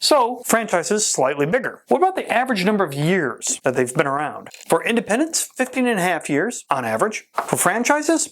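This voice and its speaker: Folksy male podcast host, lively pitch. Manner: folksy, upbeat, playful asides. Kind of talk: casual talk presenting survey data.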